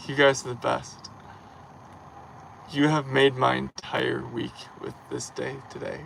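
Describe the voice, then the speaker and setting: A man hosting a casual livestream, playful and warm toward his viewers, his voice slightly hoarse and tired. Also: mid-range voice, lively intonation, measured pace, slight background noise, poor audio. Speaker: livestream host.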